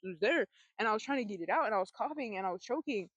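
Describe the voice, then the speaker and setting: A young adult woman vlogging a personal testimony, telling her story in a halting, rambling way with lots of fillers and swearing. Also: mid-range voice, lively intonation, husky, no room sound, muffled recording.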